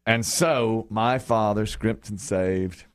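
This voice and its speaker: A man co-hosting a morning radio show, telling stories in casual chat and jumping into high voices for quotes. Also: slow, clean tone. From American South. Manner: animated storyteller, jumps to high voices for quotes.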